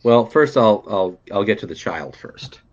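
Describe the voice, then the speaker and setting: A man's voice: fairly low pitch, lively intonation, measured pace. A man playing in a tabletop role-play game, talking casually and joking at his own expense. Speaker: player. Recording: dull lo-fi remote audio.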